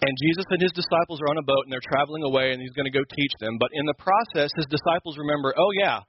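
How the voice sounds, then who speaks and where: A man's voice: on the high side, quick pace, slightly rough. Man teaching a Bible lesson, lo-fi. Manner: explanatory, emphatic, paraphrases scripture conversationally. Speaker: Sunday school teacher.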